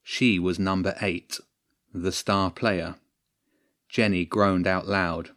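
A man narrates a story in a low, steady voice. His reading is measured and even, in the manner of an audiobook.

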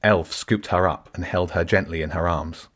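A man narrating an audiobook in a steady storytelling manner, shifting into character voices. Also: deep voice, normal speed, husky. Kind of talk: scripted narration.

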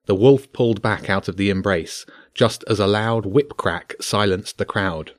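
A man narrating a children's bedtime story in a steady, measured reading voice. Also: on the low side, dry recording, clean studio sound.

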